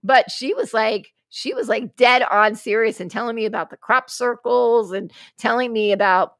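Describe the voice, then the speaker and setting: A woman's voice: fairly high pitch, moderate pace, dry recording. A woman co-hosting a casual livestream chat, telling stories with lots of laughter and acting out what people said. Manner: animated storytelling, frequent laughter, acts out quoted dialogue. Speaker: co-host.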